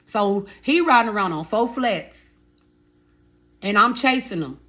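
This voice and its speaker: Woman in her thirties, storytelling vlog, animated and direct with her viewers. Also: medium pitch, measured pace. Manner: animated, addresses viewers as y'all and baby. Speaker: vlogger telling her life story.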